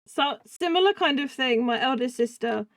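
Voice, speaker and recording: A woman's voice: high voice, lively intonation, dry recording. Giggly woman chatting, dry close sound. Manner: giggly, quick storytelling with quoted voices. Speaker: podcast co-host. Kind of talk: casual chat.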